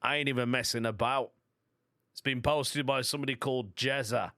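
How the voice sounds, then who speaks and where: A man's voice: mid-range voice, steady tone, a little fast, sharp tone, dry recording, studio quality. A man with a Birmingham accent hosting a solo comedy podcast, chatty and self-amused, reading jokes aloud and laughing at them. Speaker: podcast host.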